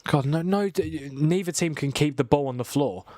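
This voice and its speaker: A man's voice: on the high side, moderate pace, warm tone, no echo, studio quality. Tired, yawning young man. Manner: tired, yawning, chatty with restarts. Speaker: watchalong host. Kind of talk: casual live football commentary.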